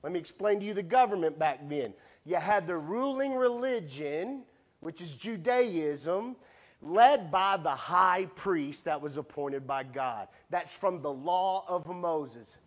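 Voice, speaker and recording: A male preacher with a fairly high voice delivers a sermon. He tells the story in a lively way, swinging from loud bursts to hushed asides and acting out the voices.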